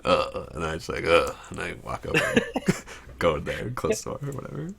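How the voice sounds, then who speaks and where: A man's voice: low-pitched, huge pitch swings, brisk, creaky, fairly bright tone, husky. A man playing a tabletop game with friends, casual and laughing, slipping into in-character lines. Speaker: player. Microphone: home mic on a livestream.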